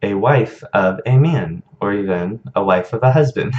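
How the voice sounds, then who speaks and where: A man's voice: on the low side, expressive, measured pace, darkish tone, lo-fi sound, a little hiss or hum. A man teaching a recorded lesson, explaining patiently and checking in with frequent "okay"s.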